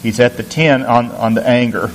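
A man of middle pitch teaches a recorded Bible lesson, earnest and questioning, often repeating a word as he gathers his thought. His voice carries a long reverb, with a faint hum underneath. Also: fairly even intonation, normal speed. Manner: earnest, questioning, repeats words while thinking.

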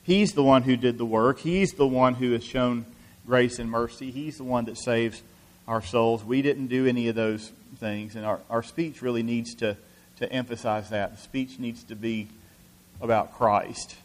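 A male preacher giving an earnest sermon, often restarting phrases and filling pauses with "you know.". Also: medium pitch, fairly even intonation.

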